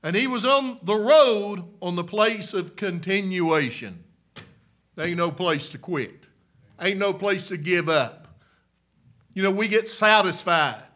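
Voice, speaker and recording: A man preaching a revival sermon, swinging from hushed murmurs to shouted peaks and coming back again and again to a "my, listen, friend" refrain. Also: high-pitched, expressive, slow.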